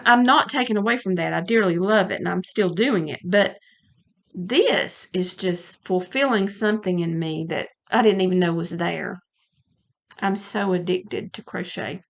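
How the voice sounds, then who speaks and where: A woman chatting casually to camera at home about her crafting, gushing and enthusiastic, a little out of breath, rambling with restarts. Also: mid-range voice. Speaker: crafting vlogger. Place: home, by a yarn closet.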